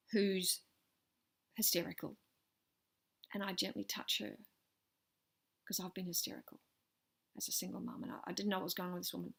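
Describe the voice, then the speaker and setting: A middle-aged woman telling a personal story in a vlog, earnest and animated, her voice swelling with intensity and then sinking almost to a whisper. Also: mid-range voice, creaky. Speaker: vlogger sharing personal stories.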